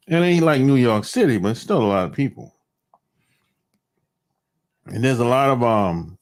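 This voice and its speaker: A man hosting a livestream, chatting casually with viewers in a rambling, profane way and laughing often. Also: on the high side. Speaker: livestream host.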